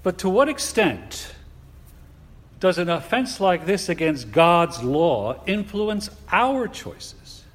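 A man preaching with slow, deliberate emphasis in a fairly high voice. He leans on his words and asks rhetorical questions. The sound rings with a long hall reverb. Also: sing-song. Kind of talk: sermon.

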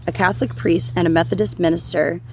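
A woman's voice: fairly low pitch, fairly even intonation, fast talker, a little hiss or hum. A woman co-hosting a true crime podcast, reading the case as a script and then chatting loosely about it with many restarts. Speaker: podcast co-host.

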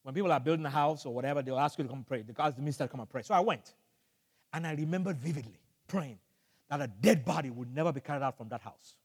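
An older man from Nigeria preaching a sermon as pastor, telling a story with animated energy and bursts of shouting. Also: fairly high pitch, quick pace, slightly rough, big-room sound. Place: church hall.

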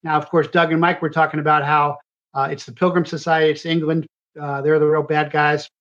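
A man hosting a live political commentary show, rambling in a halting way with constant uh and um fillers and self-corrections. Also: a little high, little pitch movement, a bit bright, muffled recording. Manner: halting delivery full of uh and um fillers.

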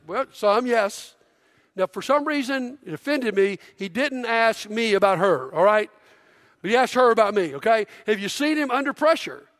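A middle-aged man preaching a sermon in a church, energetic and conversational, prompting the congregation. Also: very high voice. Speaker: pastor. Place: church auditorium. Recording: long hall reverb.

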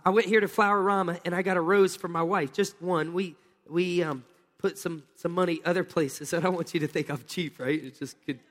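A man in his thirties preaches in an easygoing, conversational way, often turning to the congregation with questions. His voice sits a little high for a man. A long reverb from the church hall trails each phrase. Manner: casual, animated preaching with audience questions. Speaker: pastor. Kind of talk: sermon.

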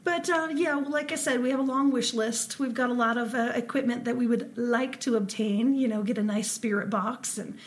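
A woman from Ohio co-hosting a casual podcast, her voice sitting a little high. She tells her stories at length, loose and full of ums. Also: a little fast, hardly any pauses. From Ohio, USA. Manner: chatty storyteller with frequent ums and laughs. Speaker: podcast co-host. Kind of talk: casual chat.

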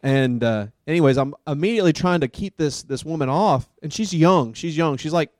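Raised-pitch male paramedic, casual storyteller, dry close sound. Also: a little fast, dry recording. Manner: animated, lots of fillers like dude and man. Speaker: paramedic and podcast host.

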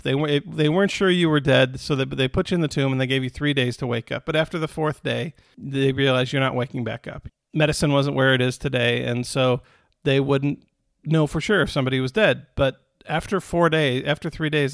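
A man's voice: medium pitch, creaky, no room sound, clean studio sound. A man preaching in a conversational way, retelling scripture in everyday words and often restarting or repeating himself. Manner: acts out quoted characters with a raised voice. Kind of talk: conversational Bible teaching.

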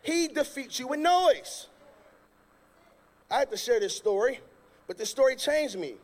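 High-pitched male preacher who tells jokey stories in his sermon, lively and loud at times. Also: unhurried. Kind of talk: sermon with comic storytelling.

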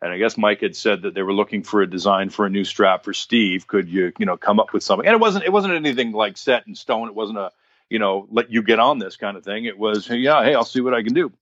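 A man with a fairly low voice, chatting through a story with lots of restarts and acted-out quotes. The sound is dry and a little dull, with no room echo. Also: fast talker. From Canada. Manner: animated, restarts often, acts out quotes. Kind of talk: casual storytelling chat.

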